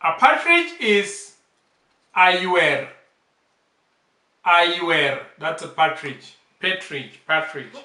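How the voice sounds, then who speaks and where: A man teaching bird names, saying each word slowly and repeating it several times. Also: high-pitched, lively intonation, pushed and bright. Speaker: language teacher. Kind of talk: slow vocabulary lesson, repeating each word. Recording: echoey room, off-mic.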